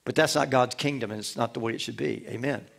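A man preaching from the pulpit with a gravelly, fry-edged voice at an ordinary middle pitch. He builds his points through repetition and rhetorical questions, pressing each line home. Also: fast, fairly bright tone. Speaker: pastor. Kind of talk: sermon.

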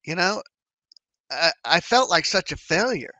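Man, fairly high bright voice, conversational trading educator, animated, dry close sound. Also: measured pace, pauses often, no room sound, rough recording. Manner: conversational, animated, acts out inner thoughts. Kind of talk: casual explanatory talk.

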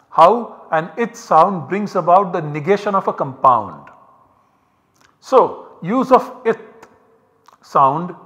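A man with a slightly higher voice lectures to a class, patiently walking through each step and repeating key points. His voice carries a long reverb, as if recorded in a lecture hall. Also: a bit bright. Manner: methodical, explains step by step with repetitions. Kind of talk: university lecture.

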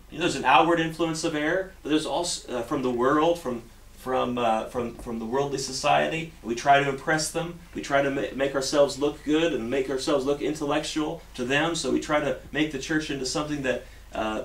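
Preaching man in an echoey church. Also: medium pitch. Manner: earnest, repeats phrases with frequent restarts. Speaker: pastor. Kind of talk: sermon. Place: church sanctuary. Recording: roomy echo, mic at a distance, faint hiss.

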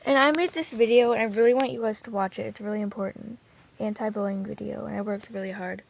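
A woman's voice: mid-range voice, fairly even intonation, fast talker, gravelly. A woman rambling in a hyper, giggly, scattered way in a casual vlog, lying down indoors. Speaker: vlogger. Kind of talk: rambling self-promo vlog.

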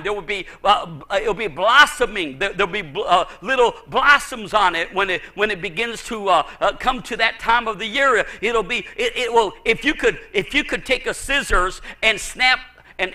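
A male pastor delivering an impassioned sermon in a strikingly high voice. His tone is sharp and ringing. He repeats and restarts words as he presses each point with emphasis. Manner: fervent preaching with frequent stammered repeats.

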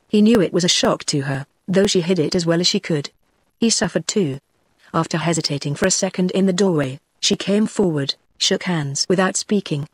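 A woman's synthetic voice with a British accent, narrating an audiobook in an even, mechanical delivery. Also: on the low side, breathy edge, dry recording.

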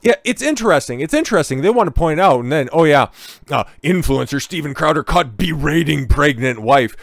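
A man's voice: a little high, expressive, a little fast, creaky, no echo, clean studio sound. A man giving heated, profane reaction commentary on a video clip. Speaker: online commentator.

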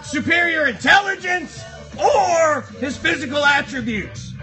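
A man's voice: very high-pitched, animated, unhurried, pushed and bright, faint music behind, exaggerated voice. A man voicing a rowdy, foul-mouthed cardboard box monster, bantering crudely with a live stream chat.

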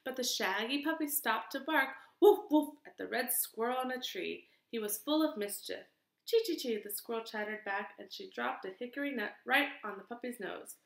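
A woman teacher reading a picture book aloud to children in an expressive, sing-song way. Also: a little high, normal speed, creaky, hardly any pauses. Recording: echoey room.

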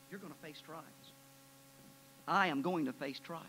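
A male preacher delivering a sermon, telling folksy stories that build into loud, emphatic preaching. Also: on the high side, normal speed. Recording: noisy 1993 archive tape with hum.

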